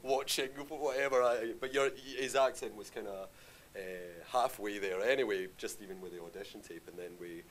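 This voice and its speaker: Rambling man, lowish voice. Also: fairly even intonation, brisk, few pauses. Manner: rambling, filler-heavy, says aye often. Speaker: film director guest. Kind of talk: live Q&A conversation. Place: live stage event.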